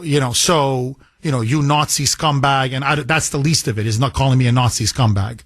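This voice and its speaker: A man's voice: medium pitch, fairly even intonation, a little fast, no room sound. Emphatic talk-radio host man, dry sound. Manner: emphatic, confessional, repeats phrases for effect. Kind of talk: political talk radio monologue.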